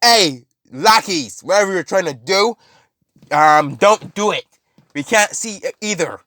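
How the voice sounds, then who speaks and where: A man's voice: a little high, expressive, normal speed, fairly bright tone, slightly rough, no room sound. A man doing a cursing, irritable villain boss. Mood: annoyed. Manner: swearing, barking orders. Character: irritable young male villain leader, bossy.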